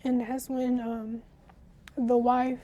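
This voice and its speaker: A teenage girl in an interview, telling of a traumatic night in a halting, shaken way, with pauses and restarts. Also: on the high side, level tone, warm tone, lo-fi sound. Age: teens. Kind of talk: recounting a personal ordeal in an interview.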